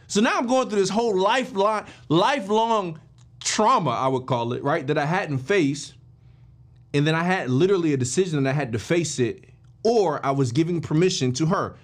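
A man hosting a podcast, telling a motivational story in an animated way and talking straight to his listeners. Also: on the high side, moderate pace. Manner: animated, addresses listeners directly and informally; emphatic with frequent restarts and fillers. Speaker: podcast host.

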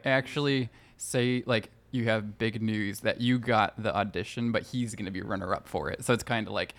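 A man's voice: lowish voice, steady tone, normal speed, fairly bright tone. A man casually directing friends through an improvised acting scene, giving loose instructions with plenty of fillers. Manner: laid-back, instructing with frequent fillers.

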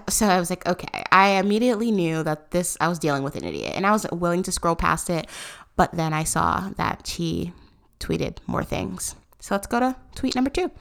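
A young woman in her twenties hosts a solo podcast with a slightly low-pitched voice. She talks in a sarcastic, incredulous rant and keeps her delivery animated. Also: vocal fry. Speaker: podcast host.

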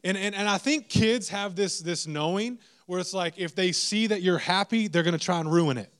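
A man's voice: high voice, moderate pace, fairly bright tone. A young adult man preaching, telling a self-mocking family story with acted-out quotes. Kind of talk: storytelling sermon.

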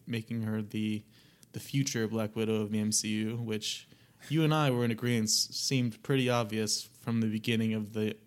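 A man co-hosting a podcast in casual chat, measured and matter-of-fact. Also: lowish voice. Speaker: podcast co-host.

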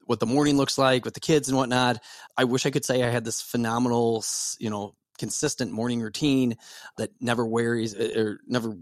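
A man's voice: medium pitch, fairly even intonation, brisk, no echo, clean studio sound. A man in his forties, a podcast guest, talking casually in a rambling way with many restarts. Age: 40s.

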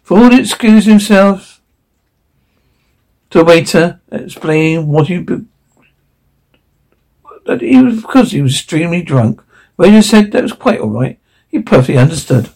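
A man narrating a storybook aloud in an animated way, often stumbling over words. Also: sits high, unhurried, creaky, pauses often. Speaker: audiobook reader. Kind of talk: amateur audiobook narration.

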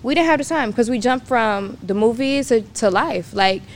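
Young woman, fairly high voice, casual storytelling, animated, acts out quoted dialogue. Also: normal speed. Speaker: guest.

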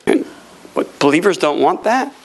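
A high-voiced male pastor preaching with a lively, swooping delivery. He laughs through his lines and hammers words over and over for effect. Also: moderate pace, slight background noise. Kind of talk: charismatic sermon.

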